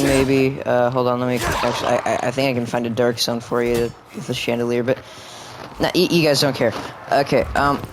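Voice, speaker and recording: A man's voice: on the high side, background noise. A man giving rambling gameplay commentary at home, full of fillers, restarts and swearing when annoyed. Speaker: gaming video creator.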